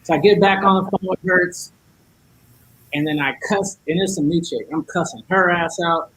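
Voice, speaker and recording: Man, husky voice, fairly high pitch, casual podcast chat, acts out dialogue, swears freely. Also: moderate pace, low-quality recording. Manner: animated storyteller acting out dialogue, heavy cursing. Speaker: podcast guest.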